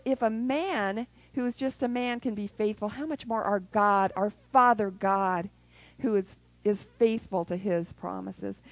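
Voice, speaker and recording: A woman preaching a sermon who acts out prayers and little scenes, even with sound effects. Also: medium pitch, vocal fry, no room sound, rough recording.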